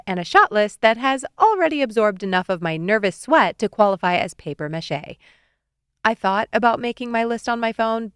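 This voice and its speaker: A woman narrating a first-person romance audiobook with lively, expressive delivery. Her voice is smooth and clear, mid-pitched, and sits close and dry on a studio mic. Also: no echo. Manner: lively, expressive, quick to rise into excited questions.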